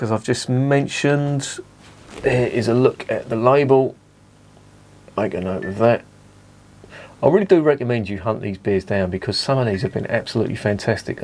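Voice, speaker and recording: A man's voice: mid-range voice, a little mellow. A man giving a casual beer review, blunt and enthusiastic, swearing freely.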